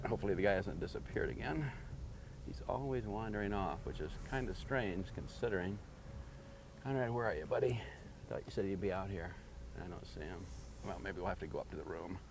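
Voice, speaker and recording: A man with a low voice makes dry, sardonic asides to the camera. Faint traffic hums behind him. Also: brisk, gravelly. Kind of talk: talking to camera.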